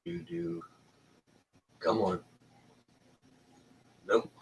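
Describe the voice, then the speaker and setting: A man on a video call from home late at night, halting and clearing his throat with a frog in his throat. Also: low voice, fairly even intonation, rough recording. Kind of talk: casual chat on a call.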